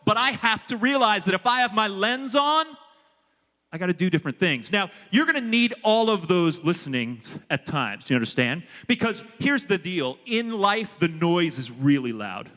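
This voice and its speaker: A man giving an energetic motivational leadership talk to students, drawing the audience in. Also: high voice, moderate pace. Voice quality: energetic, animated and audience-engaging. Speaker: leadership speaker. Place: large hall with a student audience. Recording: reverberant hall with a long echo.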